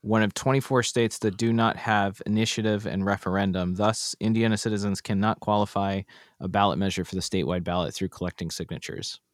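Guy reading off a fact check, lowish voice, dry close sound. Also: fairly even intonation, a little fast, dry recording.

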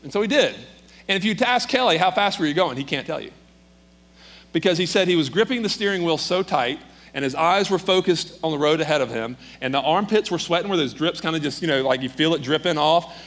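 A man preaching, telling a story in a lively, dramatic way. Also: on the high side. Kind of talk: sermon storytelling.

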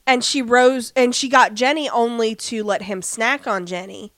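A woman's voice: a little high, steady tone, moderate pace, a bit bright, no echo. Chatty woman recapping a show. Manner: chatty, swears casually, acts out characters' lines in retelling. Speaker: podcast co-host recapping a TV show. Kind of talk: casual chat.

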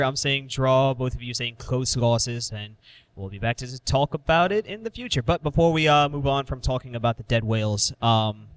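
A man's voice: mid-range voice, fairly bright tone, clear, resonant tone, no echo. Dry-voiced male podcast host. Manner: steers the talk, laughs easily. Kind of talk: casual sports podcast chat.

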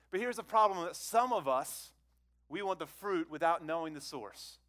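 Man pastor with a slightly higher voice, preaching a casual, call-and-response sermon. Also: fairly quick. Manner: conversational, repeats words, asks the congregation questions; swings from loud exclamations to hushed low phrases.

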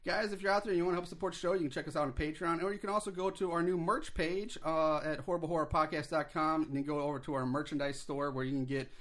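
A man's voice: fairly high pitch, steady tone, fast talker, hardly any pauses, fairly bright tone. A man hosting a podcast in a casual, upbeat way, rambling with fillers as he plugs the show and runs through credits. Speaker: podcast host.

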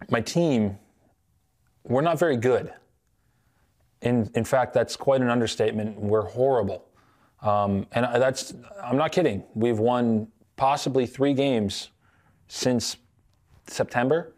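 A man's voice: fairly low pitch, darkish tone. A young man in his twenties, a pastoral intern, giving a sermon in a conversational, self-deprecating storytelling way.

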